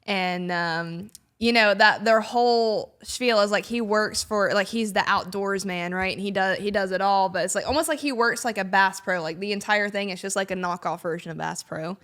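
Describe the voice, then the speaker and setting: A woman with a mid-range voice asks questions as a co-host in a relaxed conversation. She talks in a chatty, filler-heavy way, with lots of "like" and "um" and easy laughter. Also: mid-range voice, normal speed, hardly any pauses. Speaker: co-host interviewer. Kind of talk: casual interview chat.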